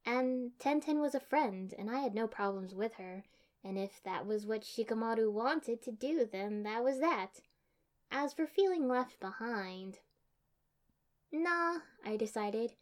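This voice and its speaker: A woman's voice: a little high, lively intonation, unhurried. A woman reading first-person fan fiction aloud in a dry, matter-of-fact manner. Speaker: audiobook reader.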